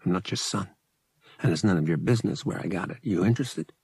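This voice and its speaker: A man's voice: sits low, fast talker, vocal fry, darkish tone, husky, dry recording, clean studio sound, full character voice. A man voicing a smug, impatient young male pilot who speaks in short, clipped lines. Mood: curt. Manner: curt, impatient.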